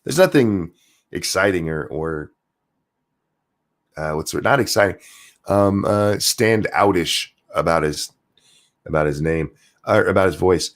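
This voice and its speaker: A man's voice: deep voice, expressive, measured pace, long pauses. A man hosting a livestream, ranting profanely and sarcastically while reading chat comments. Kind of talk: political rant livestream.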